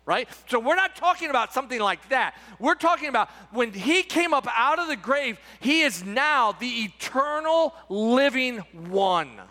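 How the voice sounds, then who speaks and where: High, bright-voiced male pastor preaching. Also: big pitch swings, moderate pace, few pauses. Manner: emphatic preaching, frequent repetitions and rhetorical asides. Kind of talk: Easter sermon. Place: church sanctuary. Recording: reverberant church sanctuary.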